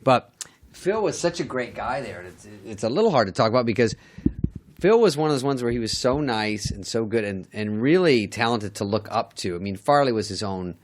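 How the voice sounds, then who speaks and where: A man's voice: mid-range voice, expressive, a little fast. A middle-aged man, a guest comedian, telling stories casually in a dry, wry, self-deprecating way. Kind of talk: casual storytelling with acted quotes.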